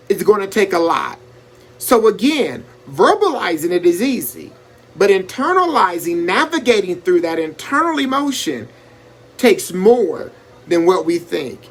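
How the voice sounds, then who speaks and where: Lively, high-voiced preacherly man. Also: measured pace, slightly rough. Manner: animated, preacherly, greets viewers by name. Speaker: live-stream host. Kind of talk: casual motivational live-stream talk.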